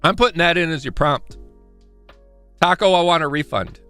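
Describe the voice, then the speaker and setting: A man chatting casually on a live stream, rambling and self-deprecating, often restarting his sentences and getting excitable. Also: fairly high pitch, moderate pace, clean tone, soft background music.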